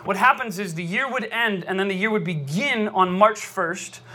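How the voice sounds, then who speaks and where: A man giving an energetic, joking sermon to a live crowd, often calling out loudly. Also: high-pitched, normal speed. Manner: loud, animated, joking with the crowd. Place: large venue with live audience.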